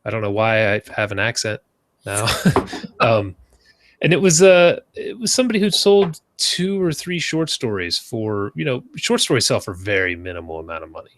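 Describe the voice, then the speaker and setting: A man hosting a casual podcast chat, joking and self-mocking, jumping up in pitch when he asks questions. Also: sing-song, moderate pace, fairly bright tone. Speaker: podcast host.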